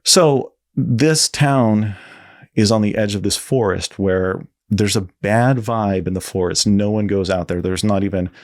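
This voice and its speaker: In a relaxed interview, a man appearing as a guest designer rambles through a story and often corrects himself. He speaks unhurriedly. His voice is on the low side and darkish.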